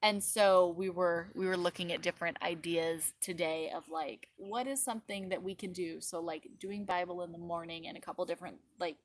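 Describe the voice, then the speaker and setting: A woman's voice: fairly low pitch, fairly even intonation, a little fast, few pauses. Chatty woman live-streaming from a backyard. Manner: chatty and rambling, full of "like" and "um". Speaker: live-stream host and mother. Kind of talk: casual live-stream chat. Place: outdoors in a backyard.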